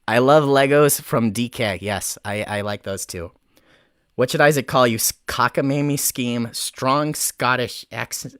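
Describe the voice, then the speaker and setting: Here an advice-show host, a young man, runs an informal livestream from a makeshift home studio. He speaks at medium pitch and an unhurried pace with a fairly bright, clear, resonant tone on a dry recording, rambling playfully and correcting his own jokes as he goes.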